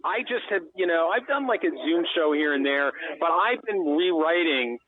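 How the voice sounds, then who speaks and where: A man comedian calls in as a guest and recalls old stories in a halting way, restarting his sentences often. His voice sits a little high. It comes through a thin, tinny phone line. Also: lively intonation. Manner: halting, full of restarts and "you know". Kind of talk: casual interview chat over phone.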